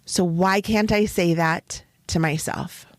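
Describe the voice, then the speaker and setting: A woman hosting a wellness podcast, speaking directly to the listener in a gentle, reflective, encouraging way. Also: lowish voice, fairly even intonation, slow pace, no room sound, clean studio sound. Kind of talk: gentle motivational talk.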